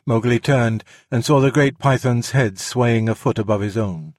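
A man's voice: mid-range voice, moderate pace, few pauses, darkish tone, dry recording. Man narrating a story, dry sound. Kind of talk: scripted narration.

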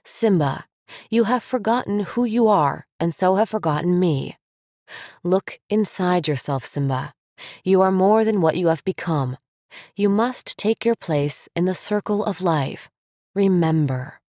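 A woman's voice: lowish voice, animated, measured pace, dark tone, no room sound, studio quality. A woman reading out the lines of a wise, solemn male lion king spirit, in a grave and commanding way. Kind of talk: quoted passage read aloud.

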